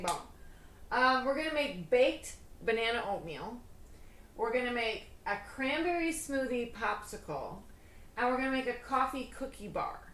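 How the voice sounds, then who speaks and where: A bubbly woman hosts her home cooking show, rambling cheerfully and poking fun at herself. Her voice sits at an ordinary middle pitch. The kitchen around her sounds echoey, with a faint hum of room noise. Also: a bit bright. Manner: bubbly, self-deprecating, rambling with fillers. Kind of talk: casual cooking vlog chat.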